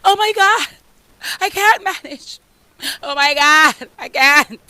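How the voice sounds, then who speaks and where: A helpless damsel in distress wails in a high, thin voice, put on by a Jamaican woman. The voice is close and dry, with no room sound around it. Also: animated, takes it slowly, sharp tone, no room sound, full character voice. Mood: distraught.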